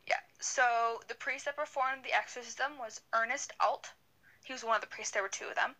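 Bright-voiced young woman, rambling storyteller. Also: a little high, steady tone, moderate pace, low-quality recording. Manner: rambling, many fillers and restarts. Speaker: podcast co-host. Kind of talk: casual storytelling chat. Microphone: video call.

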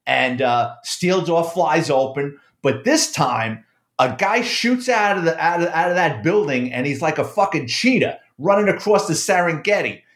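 A middle-aged man, a former police officer and author, telling a profane, animated story in casual conversation. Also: fairly high pitch, moderate pace. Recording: roomy echo.

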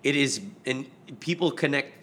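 A man's voice: mid-range voice, moderate pace, fairly bright tone, slight background noise. Rambling, self-correcting casual man. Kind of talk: casual chat about movies.

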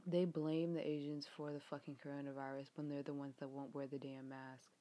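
A young American woman ranting in a frustrated, exasperated way, swearing often, her voice getting a bit hoarse. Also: deep voice, flat delivery, brisk, warm tone. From United States. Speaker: vlogger. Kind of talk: rant vlog.

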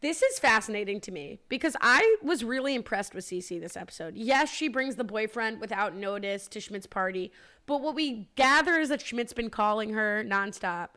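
In a casual chat, a woman hosting a podcast takes the lead and reads out questions from listeners. Her fairly high voice sounds pushed and bright, animated in delivery, moving at normal speed.

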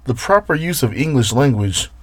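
A man's voice: mid-range voice, lively intonation, moderate pace, breathy edge, no echo. A man hosting a casual solo podcast, rambling and swearing as he talks straight to his listeners. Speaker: podcast host.

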